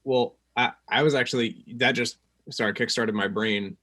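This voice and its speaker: A man's voice: mid-range voice, fairly even intonation, normal speed, pushed and bright. A man co-hosting a casual movie podcast, earnestly explaining points and raising new topics. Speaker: podcast co-host. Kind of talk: casual movie review chat.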